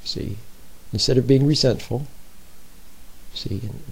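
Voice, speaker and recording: Gravelly, husky man giving a talk. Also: medium pitch, takes it slowly, rough recording. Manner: informal, checks in with listeners with repeated "see?". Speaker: speaker giving a Bible talk. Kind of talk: conversational sermon.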